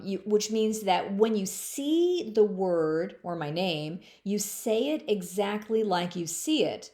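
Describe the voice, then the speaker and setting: A middle-aged woman narrating a recorded presentation for fifth graders. Her voice sits at an ordinary middle pitch, and she keeps it playful and jokey, spelling things out slowly and clearly for children. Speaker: school counselor.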